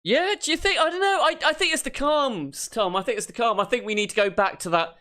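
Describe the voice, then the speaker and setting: Smooth-voiced host reading comments. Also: male voice, very high-pitched, fast, pushed and bright. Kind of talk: casual chat.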